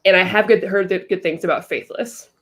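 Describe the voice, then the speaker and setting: A woman co-hosting a podcast in casual chat, encouraging and chiming in quickly, sometimes reading out listener comments. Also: mid-range voice, fairly bright tone, slight background noise. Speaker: podcast co-host.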